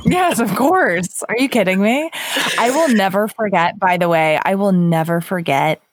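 A woman's voice: medium pitch, animated, normal speed, dry recording. Podcast co-host, female, emphatic storyteller, dead-dry room. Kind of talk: casual chat and personal storytelling.

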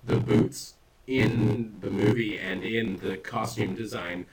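A man's voice: on the low side, fairly even intonation, slow, creaky, a little mellow, far from the mic, a little hiss or hum, low-quality recording. A man chatting casually as a podcast co-host, rambling and swearing often with self-mocking humor. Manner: rambling, profane, self-deprecating. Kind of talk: casual chat.

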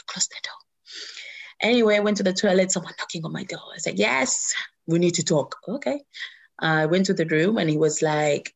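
A woman's voice: fairly low pitch, a little fast, vocal fry. A woman in her thirties telling a personal story, acting out the voices of the people in it. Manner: animated, acts out quoted voices.

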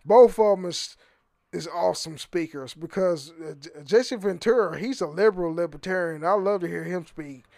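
A man's voice: high voice, normal speed, gravelly, a little mellow, no room sound, clean studio sound. A man hosting his own podcast, rambling and swearing freely, often stumbling over repeated words and laughing. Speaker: podcast host. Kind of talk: casual solo podcast rant.

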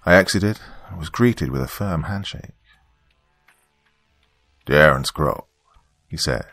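A man narrating a scripted first-person horror story in a measured, descriptive way. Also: deep voice, gravelly, fairly bright tone, no echo.

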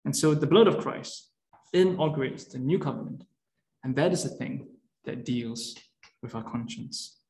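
Male preacher, mid-pitched, earnest and explanatory, recorded in a roomy hall. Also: normal speed, creaky, a little mellow. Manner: earnest, explanatory, with frequent fillers and restarts. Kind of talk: lunchtime sermon. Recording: echoey room.

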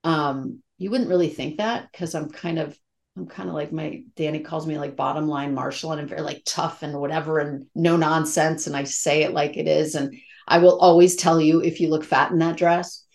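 Candid, emotional actress talking shop. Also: female voice, low voice, fairly even intonation, moderate pace, vocal fry, a little mellow. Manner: candid, emotional, many fillers and restarts. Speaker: actress guest. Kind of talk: casual interview chat.

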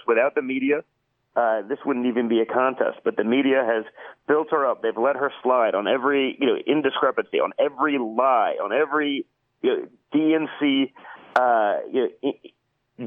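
A man giving a heated radio interview, filling his talk with "you know". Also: medium pitch. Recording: tinny phone-line radio audio.

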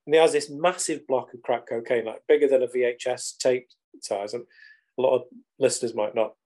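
A man's voice: medium pitch, steady tone, brisk, darkish tone. A middle-aged man, telling a story animatedly as a podcast guest, with casual swearing. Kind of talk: storytelling in conversation.

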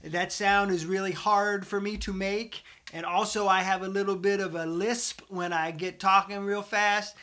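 A middle-aged man delivers a mock sermon in a high, bright voice. He keeps a folksy preacher cadence, full of fillers and restarts, and stays deadpan. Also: normal speed, few pauses. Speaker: comedic host of a satirical show. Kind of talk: deadpan satirical preacher monologue.

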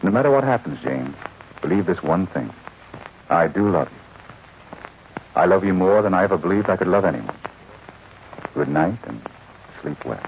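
An actor playing a secretive, brooding master of the house in a 1940s radio drama, talking in an earnest, guarded way. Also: male voice, deep voice, very animated, moderate pace, pauses often. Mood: tender. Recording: noisy, muffled 1940s radio recording.

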